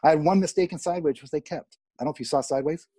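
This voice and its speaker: A middle-aged man from Canada, an actor, telling candid, animated stories about film sets in a casual interview and swearing freely. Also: fairly high pitch, rapid-fire, husky, no echo. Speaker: actor guest.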